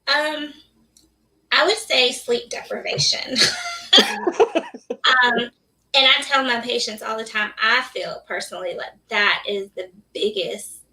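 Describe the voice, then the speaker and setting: A woman's voice: a little high, fairly even intonation, unhurried, bright, forceful tone, recorded from a distance, low-quality recording. A woman, a nurse and new mother, talking candidly in a casual interview and laughing often. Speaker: guest nurse.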